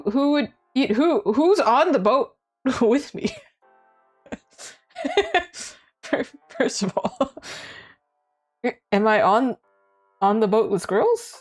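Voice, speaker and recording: A woman's voice: slow pace, long pauses. A young woman from Canada, an art streamer, chatting casually and giggling as she talks. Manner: chatty and giggly, lively swings in pitch. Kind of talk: casual live-stream chat. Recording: faint music behind.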